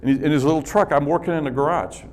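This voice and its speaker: A man's voice: fairly high pitch, rapid-fire, a little mellow. A man giving a motivational talk to a business audience, telling personal stories in a conversational way and chuckling often. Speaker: speaker addressing a business group. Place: business event venue.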